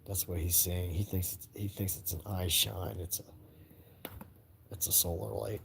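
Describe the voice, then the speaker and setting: Man, very low voice, easygoing rambling livestream chat, frequent chuckles, indoors at night, faint background hiss. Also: fairly even intonation, measured pace, vocal fry, fairly bright tone, poor audio. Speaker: livestream host talking to chat and his young son.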